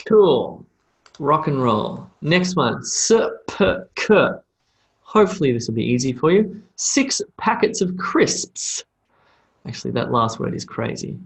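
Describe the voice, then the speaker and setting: A man's voice: medium pitch, animated, creaky. A man with an Australian accent teaching English pronunciation in a live online lesson, drawing out model phrases for students to repeat. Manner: slow, drawn-out model phrases for repetition.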